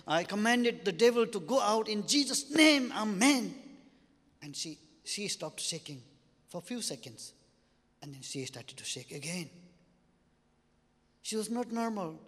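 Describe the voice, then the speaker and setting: A man preaching, telling a deliverance story with sudden loud exclamations and quiet drops, then leading a fervent prayer. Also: high voice. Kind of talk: sermon with testimony and prayer. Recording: long hall reverb.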